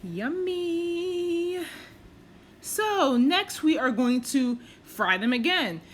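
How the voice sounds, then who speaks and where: A woman narrates her home cooking clip in an easy, rambling way, poking fun at her own skills. Her voice sits a little high. A faint hiss of noise hangs under her words. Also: very animated, unhurried, fairly bright tone. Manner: chatty, self-deprecating, lots of fillers. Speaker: cooking vlogger. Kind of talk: casual voice-over cooking tutorial.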